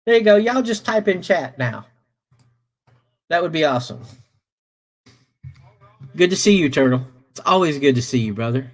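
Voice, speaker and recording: A middle-aged man, hosting a casual livestream, talking slowly with many fillers as he greets viewers in chat. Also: fairly high pitch, animated, rough recording. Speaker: livestream host reading chat.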